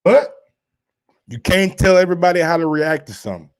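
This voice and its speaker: A man with a somewhat high-pitched voice hosts casual boxing commentary. He talks in loose slang and reacts to social posts with drawn-out exclamations, keeping an animated, quick-reacting manner.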